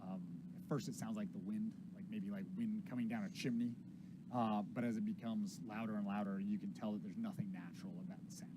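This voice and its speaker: A man's voice: fairly low pitch, fairly even intonation, fairly quick. Laid-back male game master, heavy hiss. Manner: casual, filler-heavy narration. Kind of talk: narrating a tabletop horror game. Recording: loud background hiss.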